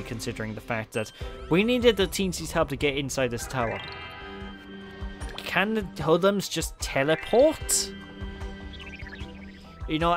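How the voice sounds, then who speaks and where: A man with a Welsh accent talks through a video game in a loose, rambling way. He jokes at his own expense and drifts off topic. The game's music plays clearly under his voice the whole time. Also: medium pitch, a bit bright. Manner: rambling, self-mocking, chatty. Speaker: let's play commentator. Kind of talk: casual gameplay commentary. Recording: game music playing behind.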